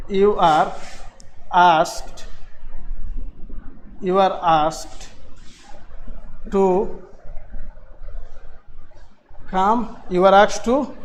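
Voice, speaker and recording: A man with a Bangladeshi English accent teaching a grammar lesson, slowly repeating phrases, spelling words out and laughing softly. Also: high-pitched, low-quality recording. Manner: slow, repetitive explaining with soft laughs.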